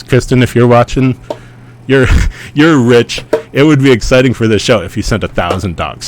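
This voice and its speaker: A man's voice: lowish voice, a little hiss or hum. A man hosting a livestream, chatting in a rambling, playful way and often repeating himself. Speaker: livestream host.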